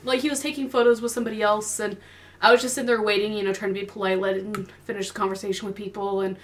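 A woman's voice: mid-range voice, little pitch movement, slight background noise. A woman hosting a podcast, telling stories in a chatty, bubbly way. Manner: chatty storytelling, fast and bubbly. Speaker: podcast host. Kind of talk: casual chat.

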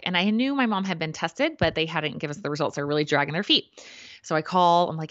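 A woman co-hosting a podcast, telling a personal story in a chatty, animated way and acting out the voices of people she quotes. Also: on the low side, quick pace, dry recording. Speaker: podcast co-host. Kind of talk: casual conversational storytelling. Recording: dull lo-fi remote call audio.

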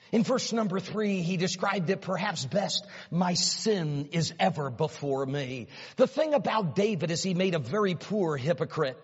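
Man, preacher, dramatic sermon storytelling, husky voice, dull recording. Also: lively intonation, unhurried, hardly any pauses. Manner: dramatic storytelling, swinging from hushed low lines to loud high exclamations. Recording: dull sound with long reverb in a hall.

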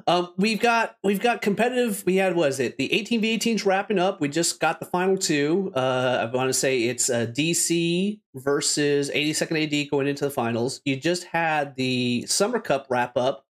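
A man's voice: on the high side, moderate pace, few pauses. A man hosting a casual podcast, upbeat and rambling, laughing often. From Canada. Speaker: podcast host.

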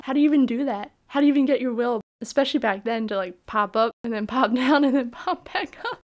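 A woman's voice: fairly high pitch, fast, faint music behind. A woman co-hosting a podcast, chatting casually about a film, laughing and acting out its lines. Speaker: podcast co-host. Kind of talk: casual film review chat.

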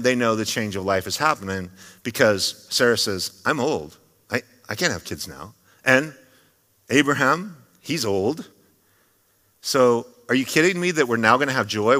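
A man's voice: medium pitch, sharp tone. A male pastor preaching a sermon in a church, talking in a conversational way with joking asides. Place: church sanctuary. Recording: long reverb of a church hall.

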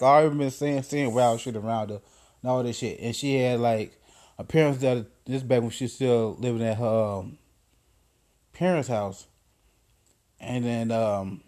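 A man hosting a podcast, telling stories in a casual monologue, profane and excitable, full of slang. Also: medium pitch. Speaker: podcast host.

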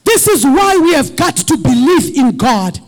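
Unhurried and very high-pitched, with big swings in pitch, the male pastor builds his sermon to shouted, crying peaks. He repeats short refrains, and at times his voice drifts away from the mic.

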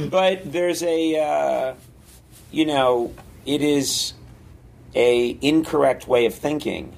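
A man's voice: on the high side, takes it slowly, gravelly, slight background noise. A man being interviewed as a guest comedian, telling stories animatedly and acting out scenes. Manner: animated, acts out scenes with sudden yelps. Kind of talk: casual interview storytelling.

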